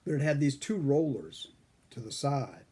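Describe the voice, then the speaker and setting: Husky older man spinning a yarn. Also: mid-range voice, very animated, moderate pace, mellow. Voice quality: husky, frog in the throat. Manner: folksy, rambling, chuckles often. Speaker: pipe-smoking storyteller. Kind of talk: casual storytelling.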